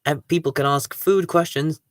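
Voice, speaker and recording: A host of a live Q&A stream, greeting viewers and reading their comments aloud in an excitable, sing-song way. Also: medium pitch, normal speed, no room sound, clean studio sound.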